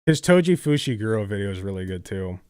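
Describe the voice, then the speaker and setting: A man's voice: fairly low pitch, very animated, fast, darkish tone, smooth, dry recording, studio quality. A tired man live-streaming, chatting casually, rambling with lots of "like" and swearing.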